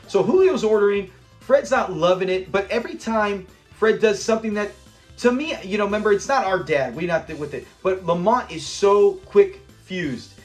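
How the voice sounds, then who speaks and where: A man's voice: sits high, normal speed, soft background music. Upbeat man recapping a sitcom episode. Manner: enthusiastic, acts out quoted lines. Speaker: show host. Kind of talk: casual episode breakdown.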